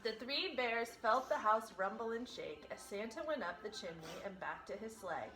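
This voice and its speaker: A woman teacher reading a picture book aloud with expressive, animated storytelling. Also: mid-range voice, normal speed, hardly any pauses, echoey room, soft background music, poor audio.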